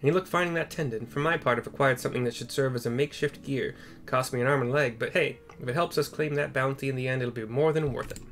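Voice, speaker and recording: A man's voice: medium pitch, fast talker, fairly bright tone, natural voice. A man voicing a young, slight, proud male archer in a game, light and self-assured. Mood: upbeat.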